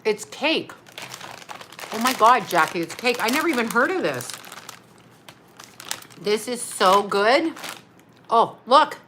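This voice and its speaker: A woman's voice: fairly high pitch, takes it slowly, pauses often, background noise. A middle-aged woman vlogging at home, unboxing a care package with lots of laughing and exclamations. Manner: excitable, laughs often, exclaims "oh my God".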